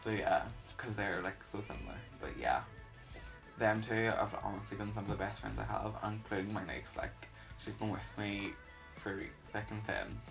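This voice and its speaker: A young man, sharing his personal faith testimony in an earnest, halting way with many fillers. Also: lowish voice, steady tone, vocal fry, over music, low-quality recording. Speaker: YouTuber.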